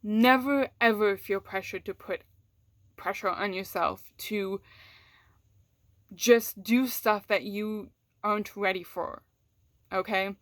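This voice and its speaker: A woman's voice: mid-range voice, fairly even intonation, takes it slowly, pauses often, fairly bright tone, no room sound. Woman vlogger, casual candid chat, swears freely, frequent restarts, dry close sound. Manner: frank and profane, restarts often, laughs between words. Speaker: vlogger talking to her audience.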